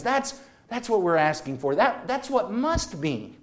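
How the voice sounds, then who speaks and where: Preacher, sermon, emphatic, repetitive build, hushed to loud swings, mid pitch. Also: sing-song, a little slow. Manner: emphatic, builds through repeated phrases.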